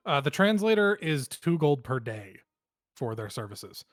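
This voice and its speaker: Relaxed male game master, mid-pitched, loose and rambly, dry close sound. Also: a little slow, dry recording, soft background music. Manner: relaxed, rambling with many fillers. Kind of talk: narrating a tabletop game.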